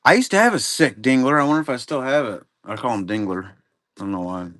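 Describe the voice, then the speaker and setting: Fast and expressive, the man's mid-range voice has a bit of brightness. He runs a live card-break stream, keeping up a laid-back, rambling chat with occasional swearing.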